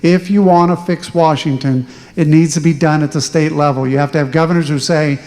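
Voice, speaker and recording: Candidate guy at a town hall, slightly high voice, repeats himself for emphasis, echoey room. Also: fairly quick, a little mellow. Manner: emphatic, repeating points for stress. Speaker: political candidate on a panel.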